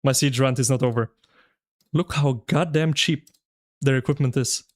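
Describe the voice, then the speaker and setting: A man streaming live, chatting with his viewers in an excitable, slangy, ranting way. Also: mid-range voice, normal speed. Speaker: game streamer. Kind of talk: casual live-stream commentary.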